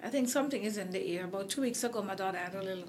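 A woman's voice: mid-range voice, very fast, slight background noise. A woman with a Caribbean accent hosting a casual interview chat, rambling with many fillers and restarts while she is losing her voice. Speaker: host.

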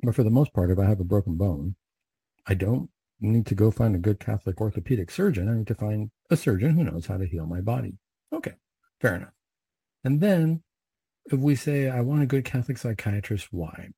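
A man's voice: on the low side, animated, brisk, gravelly, dark tone, breathy edge, no echo. A man reciting Catholic prayers, then giving a reflective, conversational homily with some fillers.

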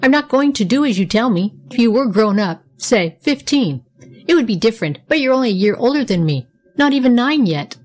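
A dreamy little girl of eight, eager and wistful, lifts her voice higher and brighter than the narration around her, as a woman reads her part in an audiobook. She sounds touchy and longing by turns, always in a clear storybook tone. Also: animated, a little fast. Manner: eager, wistful, raised girlish pitch. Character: girl Nora, under nine, dreamy and touchy. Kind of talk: audiobook character reading.

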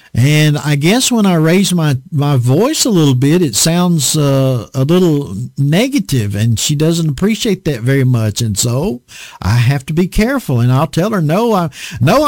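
A middle-aged man delivering a sermon at a slow, unhurried pace. His slightly high voice rises and falls in a very lively way. The sound is dry and close. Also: no room sound. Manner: slow, deliberate preaching with lively swings in pitch. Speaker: preacher.

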